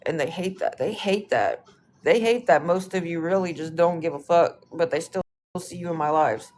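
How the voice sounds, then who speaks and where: A woman's voice: lowish voice, normal speed, darkish tone, slight background noise. A woman chatting casually on a livestream, brushing off trolls with a laid-back, dismissive, swear-heavy manner.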